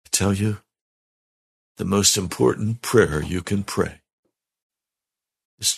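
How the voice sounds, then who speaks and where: A man's voice: low-pitched, takes it slowly, vocal fry, long pauses, breathy edge. A male preacher delivering an earnest spoken prayer and sermon, pleading in repeated petitions.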